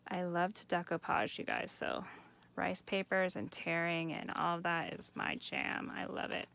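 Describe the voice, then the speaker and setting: Chatty woman with a gravelly edge. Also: lowish voice, lively intonation, measured pace, fairly bright tone. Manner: chatty, enthusiastic, addresses viewers as you guys. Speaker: craft host. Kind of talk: live craft demonstration. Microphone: home setup for a live stream.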